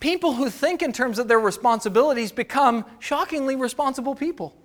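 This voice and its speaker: A man's voice: very high-pitched, fairly quick. A man preaching a sermon as pastor, asking the congregation rhetorical questions and acting out the voices of the people he quotes.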